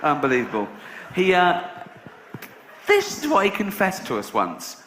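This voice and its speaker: A man's voice: sits high, huge pitch swings, unhurried, noisy background. A middle-aged man doing a sardonic stand-up routine, swearing and acting out characters. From England. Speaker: stand-up comedian. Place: large theatre with a live audience. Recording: echoey live theatre with audience laughter.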